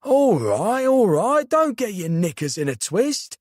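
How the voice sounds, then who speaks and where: A man's voice: sits high, sing-song, measured pace, a little mellow, no room sound, clean studio sound, voice pushed up, heavily acted. A man voicing a brash, teasing middle-aged uncle with a South London accent. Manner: cheeky, teasing.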